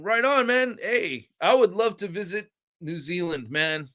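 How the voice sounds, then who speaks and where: A man's voice: sits high, lively intonation, unhurried, fairly bright tone. A young man hosting a livestream, chatting casually in a laid-back, slangy way and telling stories to his chat. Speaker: livestream host.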